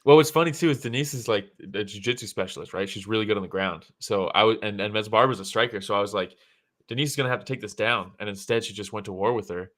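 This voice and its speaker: A man's voice: lowish voice, quick pace, few pauses. A man co-hosting a casual fight reaction show, upbeat and agreeable, often laughing. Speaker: co-host.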